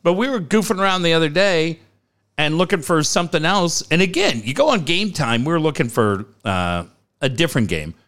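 A man's voice: on the high side, sing-song, brisk, fairly bright tone. A man co-hosting a show, chatting casually in an upbeat, chatty way. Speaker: radio show co-host. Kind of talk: casual chat.

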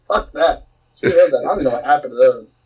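A man's voice: medium pitch, fast talker, slightly rough, rough recording. A man hosting a casual podcast chat, telling a story with lots of swearing and laughter. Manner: profane, animated storytelling with laughs. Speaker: podcast host.

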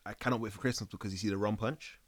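A man's voice: on the low side, steady tone, racing, a little hiss or hum. A man in casual chat, laid-back and teasing, with street slang.

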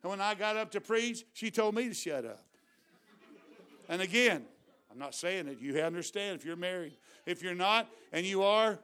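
A man preaching a revival sermon, shifting from quiet storytelling to loud exhortation. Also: high voice, animated, normal speed.

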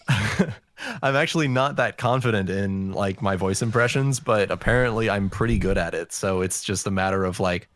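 Man, podcast guest, low voice, dry sound, halting, repeats words. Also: fairly bright tone, no room sound. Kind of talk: casual podcast chat.

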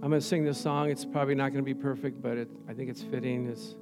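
A male preacher tells Bible stories in an animated way and leads soft, murmured prayer. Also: medium pitch, fast, over music. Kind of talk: sermon and prayer.

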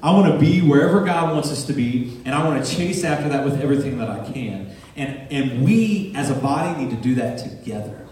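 A man's voice: mid-range voice, expressive, a little fast, hardly any pauses, a little mellow. A man preaching a sermon as pastor, talking plainly with humor and building emphasis. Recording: echoey church hall from far off, with guitar.

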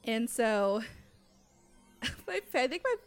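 A young woman casually recounting a scary night to friends, animated and full of fillers, swearing freely. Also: fairly high pitch, takes it slowly, clean tone, faint music behind. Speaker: storyteller. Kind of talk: casual chat.

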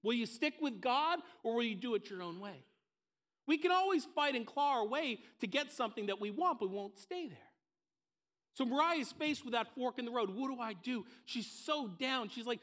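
A man preaching a sermon, telling a story with emphatic, repeated phrases and dropping soft at the low moments. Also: animated, normal speed. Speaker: pastor.

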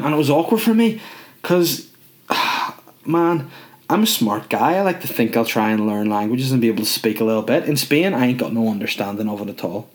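A man hosts a solo comedy podcast at a medium pitch. He rambles from one joke to the next with quick asides, then circles back to his point. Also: a little mellow. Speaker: podcast host.

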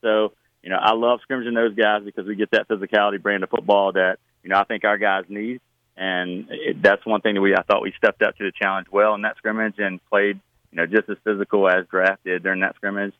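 A middle-aged man, a high school football coach, answering radio interview questions in a relaxed, plain-spoken way with many fillers and restarts. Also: fairly quick, no echo, phone-quality sound.

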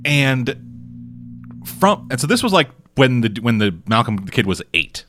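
A man's voice: mid-range voice, sing-song, normal speed, a bit bright. A man casually recapping a TV show for a podcast, swearing often and rambling through asides. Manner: profane, rambling storyteller. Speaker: podcast co-host.

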